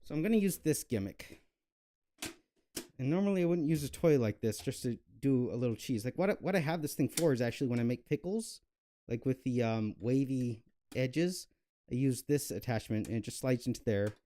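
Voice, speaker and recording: A man's voice: mid-range voice, animated, a little fast, dark tone, slight background noise. A young man hosting a cooking video, chatting casually and rambling with lots of fillers and self-mocking jokes. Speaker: cooking channel host. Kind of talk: casual cooking vlog chat.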